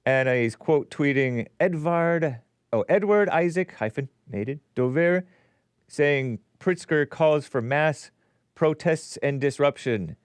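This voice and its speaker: A man's voice: a little high, animated, slow pace, clear, resonant tone, no echo. Sarcastic male talk-show host. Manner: sarcastic, mocking asides. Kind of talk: live-stream commentary show.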